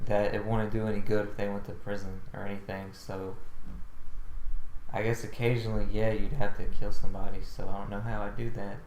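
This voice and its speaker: A man's voice: lowish voice, little pitch movement, a little fast, a little mellow, a little hiss or hum. A man co-hosting a casual podcast chat, hesitant and thinking aloud with many fillers. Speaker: podcast co-host. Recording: echoey room.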